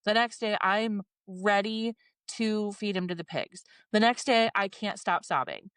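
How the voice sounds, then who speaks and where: A woman's voice: mid-range voice, unhurried, fairly bright tone, clear, resonant tone, no room sound, studio quality. A woman in her forties talking candidly and emotionally, swearing and acting out her own inner thoughts in a podcast chat. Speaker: podcast co-host.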